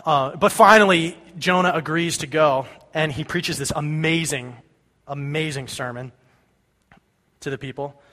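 At a measured pace, a man whose voice sits on the high side preaches with a pushed, bright sound. As a pastor, he keeps the sermon casual and conversational, often checking in with "right?", and the room adds long hall reverb.

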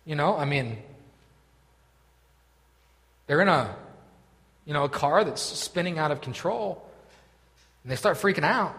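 A male pastor delivers an animated sermon in a slightly high voice, mixing loud scripture reading with quiet, chatty asides. His pitch rises and falls with a lot of life. A long hall reverb hangs behind him.

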